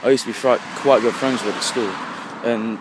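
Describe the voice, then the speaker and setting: Speaking at an ordinary pace with a steady, mid-range voice, a young Englishman in his twenties, a little tipsy, vlogs into his handheld phone on a nighttime walk home. His talk wanders casually and he swears all the time, with light traffic in the distance.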